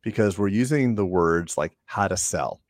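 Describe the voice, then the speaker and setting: A man's voice: low voice, animated, normal speed, dry recording. A man co-hosting a casual professional chat about dentistry, getting emphatic when he makes a point. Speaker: dental podcast co-host.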